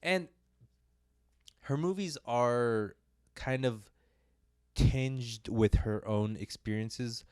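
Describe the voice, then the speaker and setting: A man's voice: medium pitch, very slow, long pauses, a little mellow, clear, resonant tone, dry recording, clean studio sound. A young man co-hosting a film podcast, talking in a loose, rambling way with lots of fillers and self-deprecating asides. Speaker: podcast co-host reviewing films. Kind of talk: casual podcast chat.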